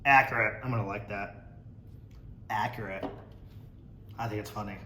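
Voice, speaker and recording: A man's voice: fairly low pitch, steady tone, normal speed, sharp tone, roomy sound, a little hiss or hum. A man hosting a casual podcast, reading viewer comments aloud and mocking them sarcastically, swearing freely. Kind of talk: casual chat.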